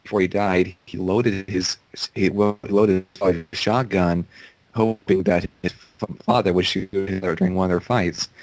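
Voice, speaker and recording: A man's voice: low-pitched, steady tone, a little slow, a little mellow, no echo, low-quality recording. A young man co-hosting a casual podcast, telling a rambling story full of restarts. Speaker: podcast co-host. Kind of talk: casual chat.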